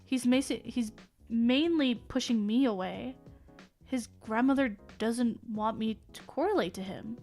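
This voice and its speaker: A woman's voice: fairly high pitch, a little slow, darkish tone, soft background music. A woman streamer voicing an earnest, understanding teenage schoolgirl in a direct, pleading way.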